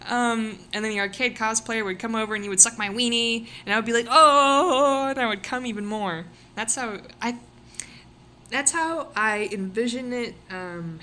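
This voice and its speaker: A young woman talks on a live stream in a rambling, giggly way, full of ums and restarts. Her tone is bright and forceful even though her voice sounds a little sore. A faint background hiss sits under her voice. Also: on the high side, a little fast. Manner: rambling, giggly, many fillers. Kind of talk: casual live-stream chat.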